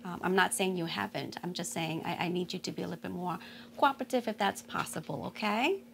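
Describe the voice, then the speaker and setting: A woman therapist with a gravelly, creaky voice leads an intake session. She asks questions in a calm, patient, steady way, with a faint hiss behind her. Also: lowish voice, fast.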